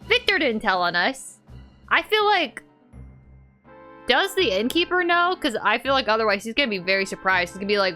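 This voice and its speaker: Animated, bright-voiced woman streamer. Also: mid-range voice, brisk, soft background music. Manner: playful and animated, jokey asides. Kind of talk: casual let's-play commentary.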